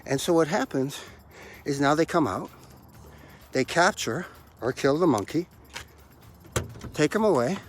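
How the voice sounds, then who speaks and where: A man's voice: on the high side, a little hiss or hum. A man hosting a motivational podcast as a life coach, out of breath from running stairs, talking emphatically and repeating his key phrases like a preacher.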